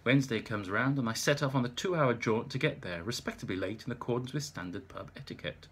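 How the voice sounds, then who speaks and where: A man's voice: medium pitch, fast, slightly rough. Wry man reading an audiobook. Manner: wry, dry humour. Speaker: audiobook narrator. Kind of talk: first-person audiobook narration.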